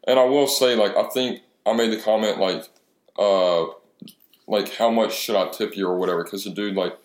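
Recorded in a room with noticeable echo, a young man in his twenties speaks at a normal speed in a fairly low voice with fairly even intonation. His casual bar story wanders and is full of swearing, and he performs the other characters' quotes.

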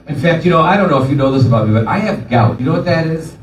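A man's voice: fairly high pitch, expressive, a little fast, a little hiss or hum. A male pastor giving a sermon, telling the story animatedly and putting on voices for the people in it. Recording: echoey room from far off.

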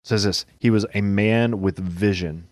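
A man with a very low voice chats casually on a podcast, wandering through his thoughts with plenty of filler words. The sound is dry and close to the mic. He talks as a co-host and husband and father. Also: steady tone, measured pace, darkish tone, dry recording. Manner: rambling, lots of "like" fillers. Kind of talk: casual chat.

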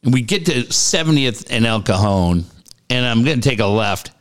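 A man's voice: mid-range voice, expressive, moderate pace. A middle-aged man telling a story in casual chat, jumping into the voices of the people he quotes.

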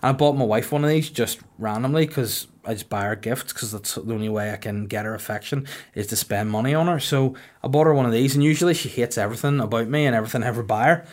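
A man in his thirties with a Northern Irish accent, hosting a podcast with crude, deadpan comic storytelling. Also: mid-range voice. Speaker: podcast host. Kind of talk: casual comedic podcast chat.

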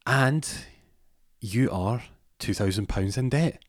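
A man playing a high-voiced menacing dealer. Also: slow, no echo, clean studio sound, natural voice. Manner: threatening, mocking. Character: menacing young male black-market dealer.

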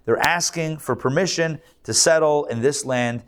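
A man's voice: on the high side, normal speed, a bit bright, smooth. A man teaching a live scripture class as a rabbi, speaking conversationally with fillers and restarts.

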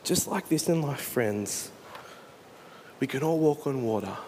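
Earnest pastor preaching. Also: male voice, mid-range voice, animated, unhurried, darkish tone, a little hiss or hum. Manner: earnest storytelling, dramatizes scenes. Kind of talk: sermon.

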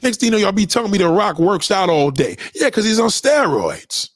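A man delivers an animated, profane rant, preaching to his viewers as if he knows what they refuse to see. His voice sits high and swings widely up and down, hammering points through repetition. The sound is dry, with no room echo. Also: brisk. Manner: repeats himself for emphasis. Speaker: vlogger giving opinions.

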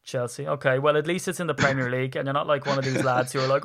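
A man's voice: mid-range voice, steady tone, fast, hardly any pauses, fairly bright tone. A man with an Irish accent, hosting a podcast in rambling, jokey casual chat. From Ireland. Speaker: podcast host.

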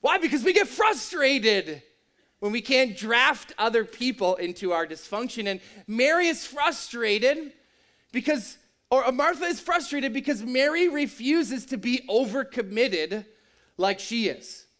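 A man's voice: very high-pitched, lively intonation, a little slow, a bit bright. A man preaching a sermon in a conversational, joking and emphatic way. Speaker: pastor.

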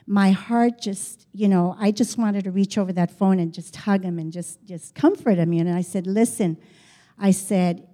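An older woman shares a personal story in a chatty, animated way, quoting each side of a conversation as she goes. Her voice is warm and mellow, of middle height for a woman. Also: medium pitch, normal speed. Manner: chatty, animated, quotes dialogue, frequent restarts.

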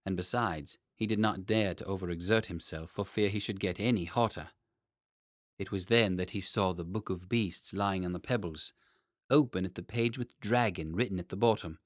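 A man narrating a children's storybook in a measured, expressive reading. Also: lowish voice, dry recording, studio quality.

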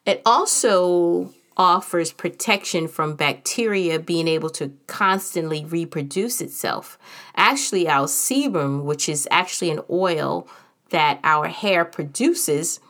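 A woman's voice: on the low side, slow, fairly bright tone. A woman telling a personal story in a frank, candid and humorous way, chatting casually with plenty of fillers.

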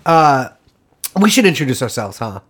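A man's voice: mid-range voice, big pitch swings, normal speed, faint music behind. A man co-hosting a comedy podcast, rambling through mock-earnest jokes and banter. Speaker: podcast co-host.

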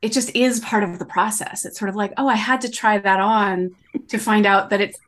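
A middle-aged woman, a coach talking as a podcast guest in an animated, rambling way, full of "like" and "you know". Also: mid-range voice, moderate pace. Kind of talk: conversational interview.

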